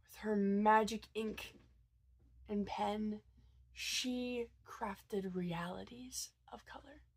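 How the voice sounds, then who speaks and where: A woman's voice: medium pitch, fairly even intonation, extremely slow. Sick woman vlogger telling a story. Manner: chatty, hesitant, many fillers and restarts. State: sick, tired. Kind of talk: casual vlog storytelling.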